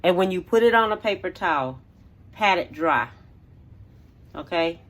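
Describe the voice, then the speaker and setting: Middle-aged woman cooking at home, kinda low voice, takes her time, keeps asking okay?. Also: lively intonation, unhurried, a bit bright. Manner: homey, repeats steps, checks in with 'okay?'. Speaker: home cook and channel host. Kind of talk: casual cooking demonstration. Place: home kitchen.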